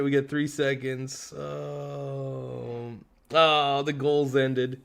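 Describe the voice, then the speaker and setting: Male livestream host, mid pitch, casual and hyped, swears a lot, chats off the cuff. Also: slow pace, creaky, clear, resonant tone. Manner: excitable, swears often, reads out viewers' names to thank them.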